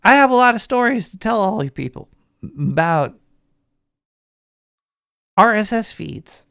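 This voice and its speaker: A jittery, paranoid sewer rat hosting his own late-night call-in show, as a man puts on the voice. His mid-pitched voice is gravelly with a creaky edge, and he rambles and restarts his sentences. The sound is dry and close, with no room around it. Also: big pitch swings, unhurried, fairly bright tone, dry recording, exaggerated voice. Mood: rambling. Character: paranoid male cartoon sewer rat host. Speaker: radio show host.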